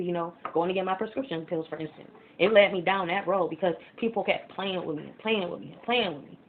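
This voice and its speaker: A woman vlogging a casual scripture reflection, earnest and impassioned, often restarting her sentences. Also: on the low side. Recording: tinny phone-like audio with faint hiss.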